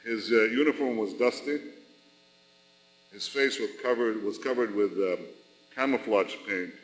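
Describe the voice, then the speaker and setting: Slow, emphatic man speaking in an arena. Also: on the low side. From Israel. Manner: slow, deliberate, emphatic with rhetorical repetition. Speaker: national leader addressing a rally. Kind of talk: formal public speech. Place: large arena. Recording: long arena reverb.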